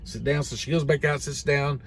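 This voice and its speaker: A man's voice: fairly high pitch, fairly even intonation, a little fast, slight background noise. A man retelling a story in casual, rambling speech, full of fillers like "you know" and "and everything.".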